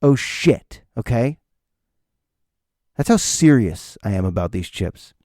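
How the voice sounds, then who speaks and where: A man's voice: on the low side, very animated, a little slow, dark tone, dry recording, studio quality. A man hosting his own podcast, rambling jokily through a solo monologue and talking to himself. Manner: rambling, jokey, talks to himself. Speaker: podcast host.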